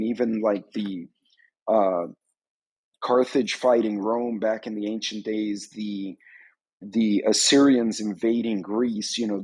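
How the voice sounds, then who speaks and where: A man's voice: on the low side, a little mellow, husky, no echo, low-quality recording. A man hosting a live stream on a preparedness channel, giving rambling, conversational commentary on current events.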